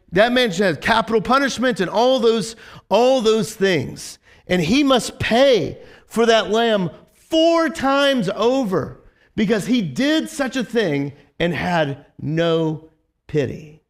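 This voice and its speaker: A male pastor giving a casual, conversational sermon, chatty and full of fillers and restarts. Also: sits high.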